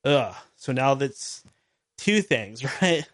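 A man's voice: mid-range voice, big pitch swings, slow pace. A male podcast host with a mid-range voice. He tells a story in a rambling, exasperated way, restarting his sentences and breaking into wry laughs. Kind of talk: casual storytelling monologue.

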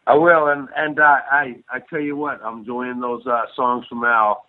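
A man calling in to a radio show, speaking in a hesitant, halting way with restarts. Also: mid-range voice, level tone. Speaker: caller. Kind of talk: call-in phone conversation. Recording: tinny phone line.

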